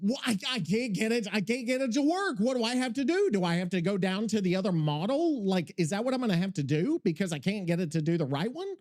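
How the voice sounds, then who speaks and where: A man's voice: high-pitched, lively intonation, fast, hardly any pauses, a little mellow. A man hosting a podcast live, ranting in exasperation and swearing, repeating his questions. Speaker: podcast host. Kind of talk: casual live podcast chat.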